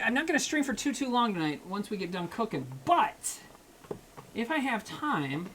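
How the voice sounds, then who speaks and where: A man with a high voice cooks while livestreaming, chatting casually with his chat over background noise. He rambles, swears, and makes jokes at his own expense.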